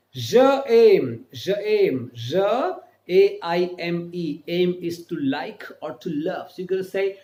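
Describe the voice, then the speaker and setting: A man teaching a beginner French lesson. He spells words out letter by letter and repeats phrases slowly. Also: sits high, mellow, roomy sound. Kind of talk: online language lesson.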